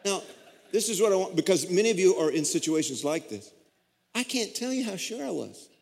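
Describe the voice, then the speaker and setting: Pastor preaching in reverberant church. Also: male voice, sits high, very animated, fairly quick, creaky, darkish tone. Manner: folksy storytelling with self-deprecating humor. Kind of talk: sermon. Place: church sanctuary.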